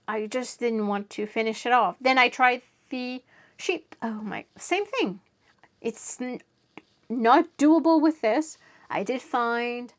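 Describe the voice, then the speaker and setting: A woman's voice: fairly high pitch, fairly bright tone. A woman hosting a casual crafting review video, speaking frankly and repeating herself when frustrated.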